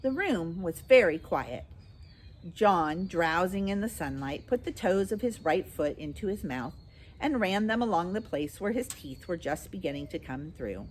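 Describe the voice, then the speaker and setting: A woman reading a children's book aloud with an expressive, lilting manner. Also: lowish voice, moderate pace, a little hiss or hum. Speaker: storybook reader.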